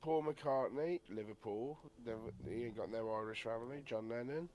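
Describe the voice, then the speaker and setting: A man's voice: mid-range voice, normal speed, darkish tone. An Englishman with a Black Country accent, chatting casually and bluntly with friends. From England, West Midlands. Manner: blunt, says mate. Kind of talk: casual chat.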